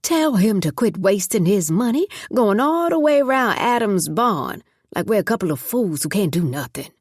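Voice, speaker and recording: A woman voicing a fussy, bossy old woman past eighty in an audiobook, scolding loudly. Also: mid-range voice, sing-song, moderate pace, breathy edge, dry recording, studio quality. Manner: loud, scolding, folksy Southern talk. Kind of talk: audiobook character voice.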